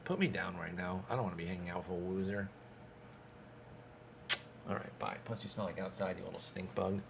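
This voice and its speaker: A man's voice: deep voice, steady tone, a little fast, gravelly, noisy background. A man streaming a baseball management game, giving casual commentary in a frustrated, sarcastic way and swearing often.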